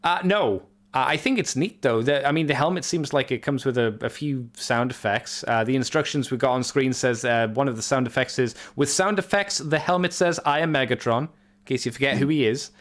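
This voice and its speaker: A man's voice: mid-range voice, fairly quick. A man co-hosting a casual podcast, joking around and trailing off into uncertain asides. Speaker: podcast co-host.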